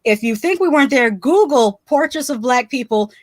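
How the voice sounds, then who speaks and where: A woman's voice: sits high, lively intonation, moderate pace, dry recording, clean studio sound. An American woman in casual chat, explaining things earnestly and often murmuring agreement. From United States. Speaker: panelist.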